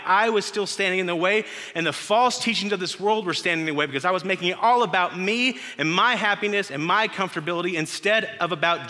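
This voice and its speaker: A man's voice: high-pitched, sharp tone. A young man preaching a casual, emphatic sermon full of rhetorical questions, recorded in a church sanctuary. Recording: echoey church hall.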